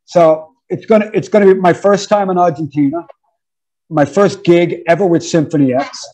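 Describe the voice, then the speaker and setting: A husky-voiced man in his fifties with a New York accent tells stories in a relaxed interview. His voice sits fairly high for a man, and he acts out counts and quoted lines, often dropping "man" into his sentences. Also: normal speed, poor audio. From United States. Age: 50s. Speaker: guest musician. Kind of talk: casual interview storytelling.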